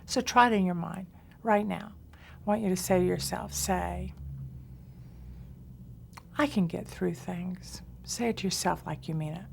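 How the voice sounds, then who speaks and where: A woman's voice: on the low side, moderate pace, gravelly, slight background noise. A woman therapist teaching a coping skills lesson, speaking directly and coaching her listeners. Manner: direct and coaching, acts out quoted self-talk.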